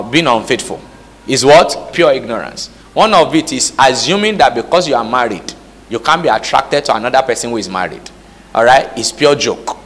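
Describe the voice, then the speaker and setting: A man's voice: medium pitch, a bit bright. A man preaching, quizzing the congregation with call-and-response questions. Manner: call-and-response, repeated "All right?" checks. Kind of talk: sermon. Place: church hall. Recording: reverberant hall.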